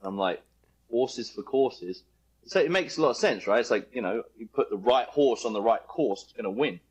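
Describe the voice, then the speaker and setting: A man's voice: medium pitch, lively intonation, fast, darkish tone, breathy edge. A man chatting as a podcast guest, rambling loosely, joking and swearing freely. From United Kingdom. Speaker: guest, home builder. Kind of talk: casual podcast interview.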